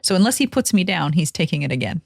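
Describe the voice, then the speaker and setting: Gravelly-voiced woman player at a game table. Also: lowish voice, very animated, quick pace, no room sound, clean studio sound. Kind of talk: casual tabletop game play.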